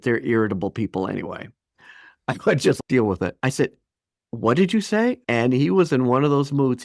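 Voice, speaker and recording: Middle-aged guy telling his story on a podcast, really animated, jumps into other people's voices, dead dry mic. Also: medium pitch, dry recording. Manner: animated, acts out quoted voices. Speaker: podcast guest. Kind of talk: storytelling interview.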